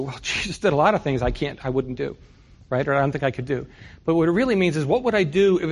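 A middle-aged New York City pastor with a highish, creaky voice preaches in a conversational style. He frequently puts rhetorical questions to his listeners.

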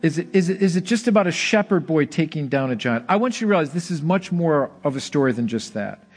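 A man with a slightly high voice preaches a sermon, retelling a story with lively energy. He rises into excited exclamations, then drops low and slow for emphasis. Faint music plays underneath. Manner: animated storytelling, shouts of excitement, dramatic pauses. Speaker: pastor.

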